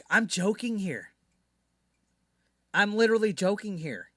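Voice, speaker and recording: A man's voice: high-pitched, lively intonation, normal speed, bright, forceful tone, dry recording, clean studio sound. A man streaming live, ranting to his chat in a brash, profane, mocking way.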